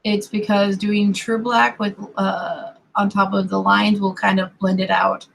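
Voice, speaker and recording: Slow, gravelly-voiced woman chatting while drawing. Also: medium pitch, little pitch movement, a little hiss or hum, low-quality recording. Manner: rambling, apologetic, self-deprecating asides; slow, drifting, often trails off to murmurs. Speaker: digital artist streaming her drawing. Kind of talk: casual commentary while drawing.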